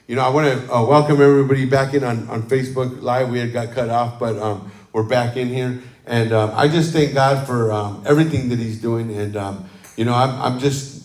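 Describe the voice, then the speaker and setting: Male pastor, relaxed rambling sermon, mid-pitched voice, echoey church room. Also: a little fast. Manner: chatty, warm storytelling with frequent "um" and "amen". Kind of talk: casual sermon talk to a congregation. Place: church sanctuary, livestreamed. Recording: roomy church sanctuary sound.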